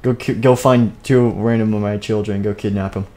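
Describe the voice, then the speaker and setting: A man's voice: lowish voice, fairly even intonation, normal speed, mellow, lightly acted. A man voicing a flustered, stammering animatronic king giving blunt orders, in a game role-play.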